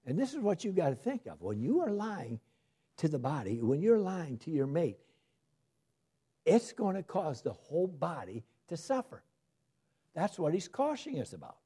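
Animated man preaching a sermon. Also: on the high side, moderate pace, husky. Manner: animated, shifts from loud emphasis to soft asides.

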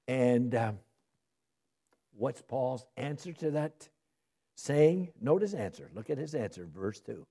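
A man delivers a Bible-teaching sermon at an unhurried pace. His voice is warm and mellow, sits slightly high, and moves through a lively pitch range. He reads verses with emphasis and asks his listeners rhetorical questions before answering them. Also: breathy edge. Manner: reads scripture aloud slowly and emphatically, then explains it. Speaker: preacher. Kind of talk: expository sermon.

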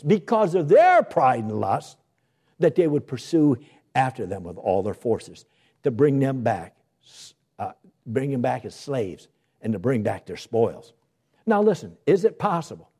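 A man's voice: mid-range voice, dark tone, husky. A male pastor preaching a sermon with emphatic delivery and many rhetorical questions.

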